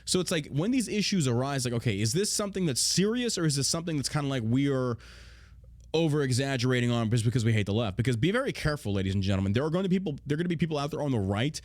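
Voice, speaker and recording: Fast, animated, profane male host. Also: mid-range voice, no room sound. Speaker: show host. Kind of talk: casual political rant.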